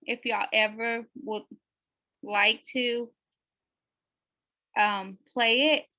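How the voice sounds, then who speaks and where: A woman teacher with a high, bright, ringing voice leads a math class. She keeps checking in with the students, adding "right?" and frequent fillers as she goes. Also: fairly even intonation, extremely slow. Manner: checks in with questions, many fillers.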